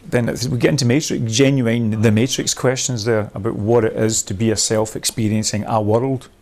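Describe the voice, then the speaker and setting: A man of middle pitch leads a workshop, talking things through as they come to him. He circles back, restarts and laughs now and then, in a chatty, discursive way. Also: fairly even intonation, normal speed, darkish tone. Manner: rambling, thinks aloud with many restarts. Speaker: workshop leader.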